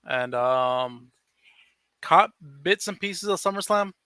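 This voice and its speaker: A man's voice: fairly high pitch, lively intonation, pushed and bright, clean tone, no echo. A man co-hosting a casual podcast chat, easygoing and chatty. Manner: easygoing, chatty, quick asides. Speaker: podcast co-host.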